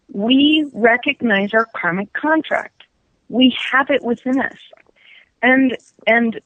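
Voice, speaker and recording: A woman in her fifties appears as a psychic guest on a radio chat, telling stories animatedly and laughing often. Her voice is a little high with no echo, though the radio sound is dull and lo-fi.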